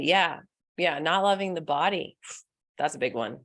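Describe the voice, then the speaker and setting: A young woman hosting a live stream as a spiritual coach, talking softly and earnestly, laughing often and answering comments from the chat. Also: low voice, animated, normal speed. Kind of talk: casual live-stream talk.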